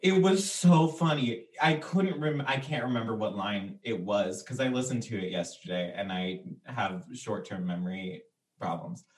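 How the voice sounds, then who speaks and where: A man's voice: on the low side, moderate pace. A man co-hosting a podcast in casual chat, joking and laughing mid-sentence. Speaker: podcast co-host. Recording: echoey, a bit far from the mic.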